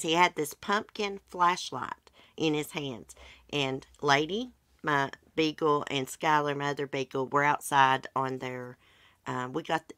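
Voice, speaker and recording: A woman's voice: very deep voice, fairly bright tone, clean tone, dry recording, studio quality. A middle-aged woman, hosting her channel and telling folksy stories in casual chat. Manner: chatty, folksy storytelling. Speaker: channel host.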